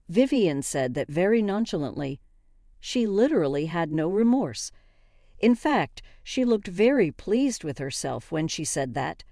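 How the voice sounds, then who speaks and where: A woman reads out a scripted first-person story in an indignant, exasperated voice. Her tone is low and mellow. The sound is dry, with no room echo.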